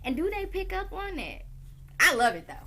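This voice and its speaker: A middle-aged woman hosting a talk show in casual chat, animated and outspoken. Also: very high voice, moderate pace, a little hiss or hum. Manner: animated, outspoken, swears and laughs often.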